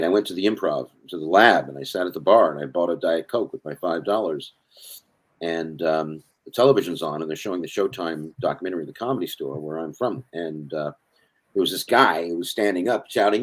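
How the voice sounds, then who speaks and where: Older guy rambling thru stories, deep husky voice, keeps restarting. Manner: rambling, self-interrupting storyteller. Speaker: podcast guest. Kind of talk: casual storytelling.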